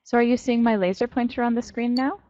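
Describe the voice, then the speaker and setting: A woman's voice: fairly high pitch, fast, lo-fi sound, a little hiss or hum. Playful woman teaching French online. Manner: playful, animated explaining. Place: virtual world classroom.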